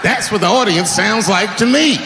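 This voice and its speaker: A man performing live stand-up comedy, telling profane stories that swing into shouted rants. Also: high-pitched, normal speed, in a large hall, a loud crowd, heavy background noise. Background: audience laughter.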